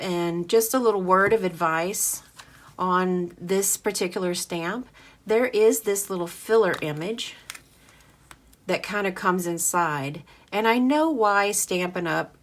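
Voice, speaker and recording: A woman with a slightly low voice hosts a relaxed card-making demo, chatting as she works. She answers viewer comments warmly and laughs easily, often restarting her sentences. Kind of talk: casual live craft demo.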